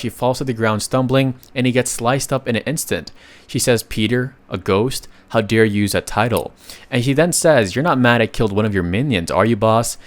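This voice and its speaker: A man casually narrating a comic recap, reading the characters' lines aloud and adding offhand asides. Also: medium pitch. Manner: chatty, reads dialogue aloud with asides.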